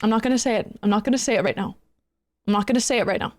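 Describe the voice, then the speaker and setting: High-pitched female streamer, sweary, repetitive, playful-angry delivery. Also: rapid-fire. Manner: swears, repeats herself, swings between angry and playful. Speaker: VTuber streamer. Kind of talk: live stream rant to chat.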